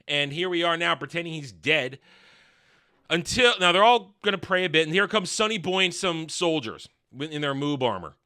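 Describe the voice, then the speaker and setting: Dude ranting a show review, crude and sarcastic, high voice, keeps restarting. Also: male voice, lively intonation, moderate pace, sharp tone.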